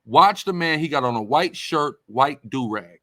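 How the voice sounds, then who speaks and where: A man's voice: on the high side, lively intonation, moderate pace, pushed and bright, dry recording. A man talks like a preacher, leaning hard on his points and repeating them for weight. His voice sits dry and close to the mic with no room sound. He stays loose and conversational while he teaches. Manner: emphatic, repetitive, conversational. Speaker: religious teacher. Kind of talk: preaching-style commentary.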